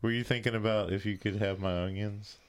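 A man's voice: fairly low pitch, steady tone, brisk, a loud crowd. A man recapping a movie in casual podcast chat, full of crude jokes and banter.

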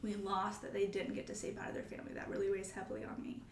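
In a heartfelt podcast conversation, a nurse who hosts the show talks earnestly and emotionally, imitating coworkers as she quotes them. Her medium-pitched voice has a flat delivery and a fast pace, captured at a distance with roomy sound, faint ambience and slight background noise.

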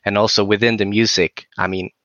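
A man's voice: lowish voice, level tone, a little fast, sharp tone, no room sound, muffled recording. A Swedish man speaking English with a Swedish accent, telling a story as a musician guest in a rambling way, full of "you know" and small laughs. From southern Sweden. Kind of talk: casual storytelling.

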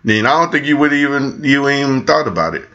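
A man's voice: medium pitch, animated, fairly quick, pushed and bright. A middle-aged man co-hosting a podcast in casual chat, teasing and laughing often. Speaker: podcast co-host. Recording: dull lo-fi audio.

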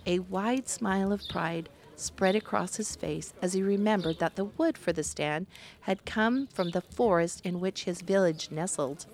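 A woman narrating a fantasy storybook in a measured, descriptive manner. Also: lowish voice, darkish tone.

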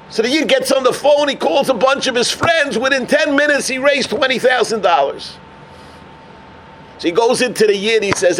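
A man delivering a sermon as a rabbi. He tells a story with Yiddish and Hebrew terms and builds to emphatic, near-shouted points. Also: extremely high pitch, normal speed, a little hiss or hum. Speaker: rabbi giving a Torah talk.

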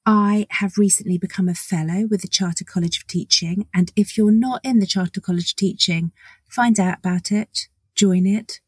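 A woman in her forties opens her own podcast, talking in a chatty, enthusiastic way and acting out little bits of conversation. Her voice is soft and breathy at a medium pitch. It sits close and dry on the mic, with no room around it. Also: fairly even intonation, normal speed, dry recording. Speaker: podcast host. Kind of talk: solo podcast introduction.

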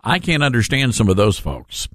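Lively folksy Southern radio host man. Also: medium pitch, dry recording, clean studio sound. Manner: folksy, chatty, quick to laugh. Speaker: radio talk show host. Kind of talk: casual talk radio chat. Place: radio studio. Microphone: studio mic.

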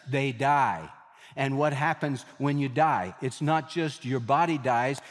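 Preaching man in a reverberant hall. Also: medium pitch. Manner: emphatic preaching, repeats phrases, slows for weight. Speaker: pastor. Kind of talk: sermon.

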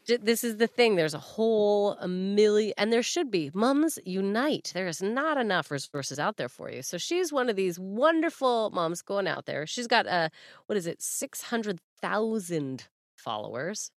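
A woman's voice: medium pitch, normal speed, no echo, clean studio sound. A woman hosting a podcast, chatting casually and telling stories with playful put-on voices. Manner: animated, jokey storytelling with playful voices. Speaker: podcast host. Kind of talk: casual chat.

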